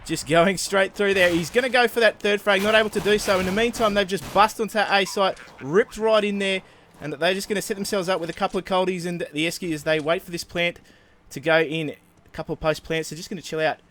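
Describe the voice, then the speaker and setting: A man putting on a loud, exaggerated broad Australian ocker voice while commentating an esports match. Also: fairly even intonation, quick pace, natural voice. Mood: rowdy cheering. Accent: broad Australian, put on. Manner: loud, high and hammed up, full of slang.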